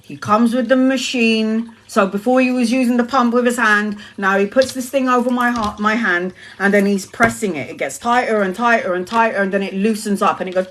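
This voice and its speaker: A woman, a mother hosting a live tarot stream, tells a personal story in a casual, animated way, swearing often and laughing between lines. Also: fairly high pitch, fairly quick, hardly any pauses, slight background noise. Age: adult mother. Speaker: tarot reader and livestream host.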